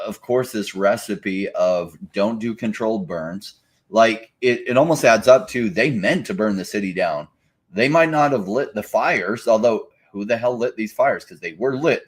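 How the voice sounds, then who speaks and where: A man co-hosting a casual podcast, sarcastic, often mocking others in put-on voices. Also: on the low side. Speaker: podcast co-host.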